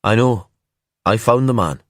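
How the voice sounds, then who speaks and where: A stubborn, guarded island man answers in short, subdued phrases, as a narrator puts him on. His voice is low-pitched and dry, recorded up close. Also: a little slow, fairly bright tone, dry recording. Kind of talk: calm storybook narration.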